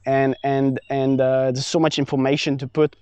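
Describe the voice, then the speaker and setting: A young man from France telling a personal travel story in a casual, animated vlog, full of fillers and restarts. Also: mid-range voice, moderate pace, clean tone, dry recording, lo-fi sound. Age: young adult. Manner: animated, many fillers and restarts, acts out his own past lines. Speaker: vlogger.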